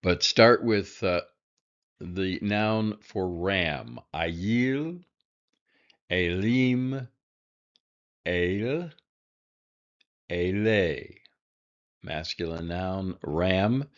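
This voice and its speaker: Male teacher, very low voice, unhurried, halting delivery with fillers, dull lo-fi recording. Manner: halting, many fillers, dry asides. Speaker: Hebrew teacher. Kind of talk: recorded classroom lesson.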